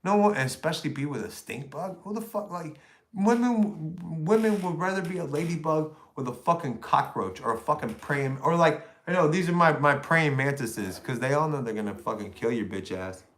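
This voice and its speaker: Foul-mouthed streamer, high voice. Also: male voice, animated, normal speed, fairly bright tone. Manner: taunting, crude, rambling. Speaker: livestream host. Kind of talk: profane livestream rant.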